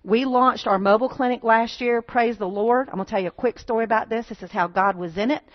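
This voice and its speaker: A woman's voice: fairly high pitch, fast talker, dry recording, muffled recording. A woman speaking to a church congregation, earnest and folksy, rallying her listeners with questions and appeals. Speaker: pregnancy center speaker at a church. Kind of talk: church talk with slides. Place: church sanctuary.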